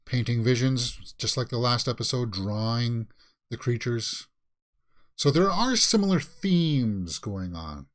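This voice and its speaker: A man with a Canadian accent giving casual reaction commentary, thinking aloud and often pausing to search for words. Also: mid-range voice, expressive. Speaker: reaction video host.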